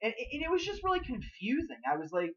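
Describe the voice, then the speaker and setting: A man's voice: very high-pitched, huge pitch swings, fairly bright tone, muffled recording. A man giving a casual spoken review of a TV episode. He rambles and leans hard on fillers like "you know" and "like". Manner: acts out characters' lines in quick bursts.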